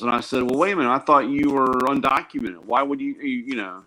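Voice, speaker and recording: A man's voice: medium pitch, fast talker, hardly any pauses, pushed and bright, slight background noise, low-quality recording. A man, a tool truck dealer, chatting casually as a guest and telling wry, joking stories. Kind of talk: casual chat on a live show.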